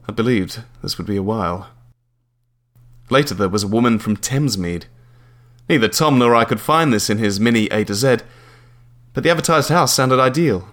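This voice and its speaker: A man's voice: lowish voice, fairly bright tone. Dry, wry male memoir narrator.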